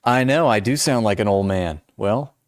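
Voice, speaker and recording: A man's voice: on the low side, lively intonation, moderate pace, no room sound, studio quality. A man in his forties chatting casually on a livestream, rambling and self-deprecating with many restarts. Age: 40s. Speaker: livestream host. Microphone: noise-canceling headphones.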